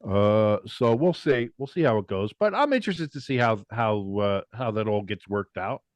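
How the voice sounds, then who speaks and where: Sports podcast co-host, man, animated, profane, ranting; dry, close sound. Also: on the low side, normal speed, dry recording. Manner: animated, swears freely, ranting. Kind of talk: casual sports chat.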